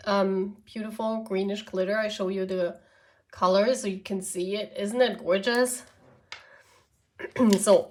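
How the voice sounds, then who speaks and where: A woman with a German accent, German as her first language, giving a chatty pick-a-card tarot reading to her viewers. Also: fairly high pitch. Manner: chatty, often adds "okay?" and "yeah?". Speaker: tarot reader.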